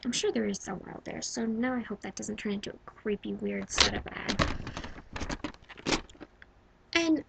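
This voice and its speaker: Gushing young woman with a gravelly voice. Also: mid-range voice, lively intonation, moderate pace, pauses often, heavy background noise. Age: 20s. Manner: gushing, swings between exclaiming and whispering. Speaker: vlogger. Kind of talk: casual movie-ranking vlog.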